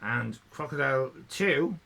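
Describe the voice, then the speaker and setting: Bright, gravelly man hosting a live stream. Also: medium pitch, expressive, unhurried. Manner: laughing, rambling, thanking viewers. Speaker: livestream host. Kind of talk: casual live-stream chat.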